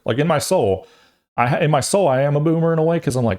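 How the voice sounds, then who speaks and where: A man's voice: a little high, animated, fast talker, a little mellow. A man in his thirties, a podcast host, telling a long rambling story in a casual way and acting out the voices of other people as he goes.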